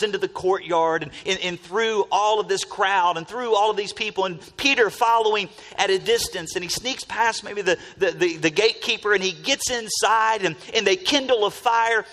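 High, bright-voiced man preaching in a hall. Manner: expressive preaching with frequent restarts and rhetorical questions. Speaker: pastor. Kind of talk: sermon. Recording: long reverb of a large hall.

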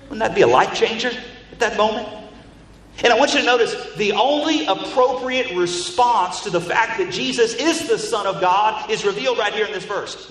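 Pastor, male, high voice, emphatic sermon delivery with repeated phrases, long church-hall reverb. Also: fairly bright tone, slight background noise. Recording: echoey hall reverb, faint ambience.

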